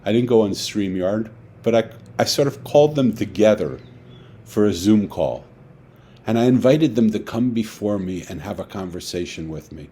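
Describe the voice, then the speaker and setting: Animated male author telling a story. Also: on the low side, normal speed, breathy edge. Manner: animated storyteller, acting out dialogue. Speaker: author guest. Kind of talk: storytelling talk.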